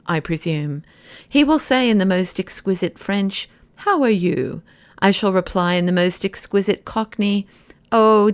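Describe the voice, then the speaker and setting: A woman reading the part of a giddy, tipsy young man who talks in a rapid, exuberant rush. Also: mid-range voice, no room sound.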